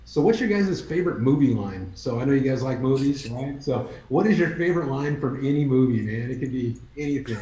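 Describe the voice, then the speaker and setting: A man's voice: medium pitch, expressive, fairly quick, few pauses, mellow. A man hosting a casual livestream chat, easygoing and agreeable, often saying "man". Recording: echoey room.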